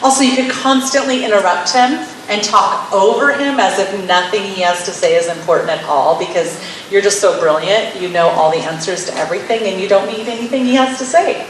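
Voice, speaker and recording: A woman's voice: mid-range voice, fairly quick. A woman teaching wives about marriage, wry and playfully sarcastic, often acting out little scenes. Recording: very echoey room, mic far off, faint hiss.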